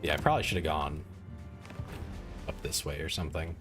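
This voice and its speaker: With a bass voice and a slightly fast pace, a man chats loosely on a strategy game stream as music plays in the background. His talk into the desk mic is rambling, self-deprecating, and packed with "like" fillers.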